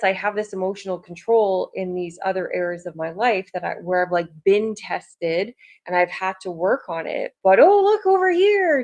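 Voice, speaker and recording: A woman talks casually to her viewers in a chatty, rambling way, full of "like" and "um". Her voice sits at an ordinary middle pitch. She sounds like someone catching up with friends in a relaxed vlog. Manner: chatty, rambling, frequent "like" fillers. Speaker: vlogger. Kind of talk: casual chat to camera.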